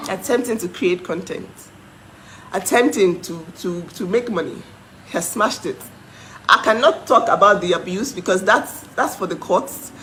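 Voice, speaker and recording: A woman's voice: mid-range voice, a bit bright, a little hiss or hum, poor audio. A young woman from Nigeria ranting to her followers, indignant and mocking, breaking into disbelieving laughs. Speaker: vlogger. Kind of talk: heated live rant to followers.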